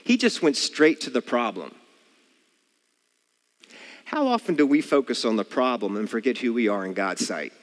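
A man's voice: mid-range voice, big-room sound. A man preaching a sermon, earnest and asking the listeners rhetorical questions.

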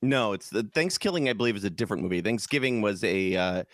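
A man's voice: lowish voice, lively intonation, fast talker, fairly bright tone, no room sound, studio quality. A man from Chicago co-hosting a casual podcast chat, rambling with lots of restarts and fillers. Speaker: podcast co-host.

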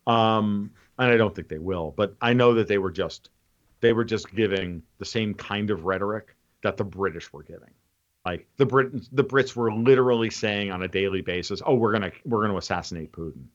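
A man in casual opinionated chat, rambling and animated, restarting often. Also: lowish voice, normal speed, lo-fi sound.

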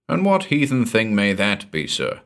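A man's voice: on the low side, wildly swooping pitch, moderate pace, fairly bright tone, exaggerated voice. A man reading the part of an old, dour and loyal manservant in a storybook. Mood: earnest.

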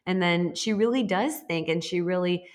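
A woman's voice: on the low side, normal speed, a little mellow. A woman and mother chatting casually, telling a long, earnest story in a reflective, rambling way. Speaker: podcast co-host and mother. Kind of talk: casual chat.

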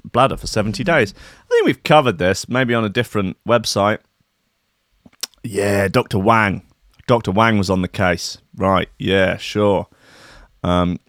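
A man's voice: fairly low pitch, no room sound, studio quality. A young man hosting a comedy podcast, rambling and swearing as he riffs on news stories. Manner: profane, riffing, slips into mock voices. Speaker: podcast host.

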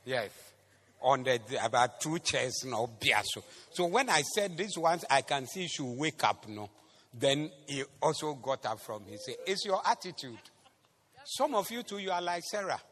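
Ghanaian pastor shouting in a hall. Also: male voice, mid-range voice, big pitch swings, unhurried. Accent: Ghanaian English. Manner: swings between quiet asides and loud shouted exhortation. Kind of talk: sermon. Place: church hall.

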